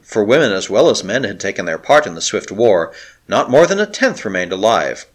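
A man narrating a novel aloud in a dramatic, expressive storytelling manner. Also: lowish voice. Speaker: audiobook narrator.

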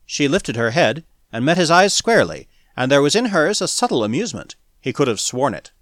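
A fairly high-pitched man reads an audiobook in a measured, expressive storytelling style. The recording is dry and the studio sound clean.

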